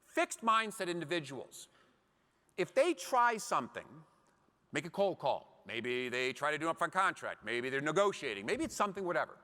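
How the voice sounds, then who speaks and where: A man's voice: a little high, normal speed. A middle-aged man giving a motivational keynote talk to a conference crowd, acting out little scenes as he tells stories. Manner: animated storytelling, acts out scenes. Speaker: keynote speaker. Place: large conference hall. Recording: long hall reverb.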